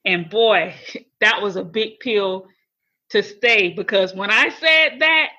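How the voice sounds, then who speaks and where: An earnest woman with a drawl tells her personal testimony, halting and repeating herself as she goes. Her voice is bright and forward. The recording sounds a little dull and muffled. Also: medium pitch, breathy edge. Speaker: guest sharing testimony.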